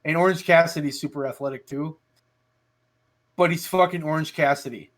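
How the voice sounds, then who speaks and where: A man with a slightly high voice, chatting on a podcast about things he has watched. He tells his stories with a lot of energy and swears freely. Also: moderate pace. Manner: animated storyteller, swears a lot. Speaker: podcast co-host. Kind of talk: casual chat.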